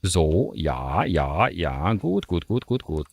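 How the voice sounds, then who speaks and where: A man's voice: low-pitched, very animated, slow pace, creaky, breathy edge, dry recording. A man giving casual gameplay commentary as a streamer, playful and self-mocking, muttering to himself as he plays. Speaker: streamer playing a ghost-hunting game. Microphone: headset.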